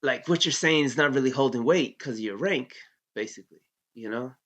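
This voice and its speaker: A man's voice: medium pitch, brisk, fairly bright tone. A man in his thirties, an Army veteran, telling a story in a loose, casual way, full of "you know" and swearing. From United States. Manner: laid-back, heavy with fillers like "you know", curses freely. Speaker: interview guest, Army veteran. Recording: dull lo-fi sound.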